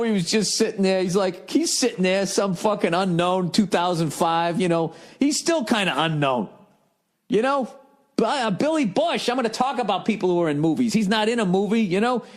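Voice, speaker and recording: An American man talks alone into a podcast mic, swearing constantly and ranting with a sarcastic edge. His pitch jumps around a lot as he riffs, and the pacing of his talk stays conversational. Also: expressive, moderate pace. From United States. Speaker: podcast host. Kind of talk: solo comedy podcast monologue.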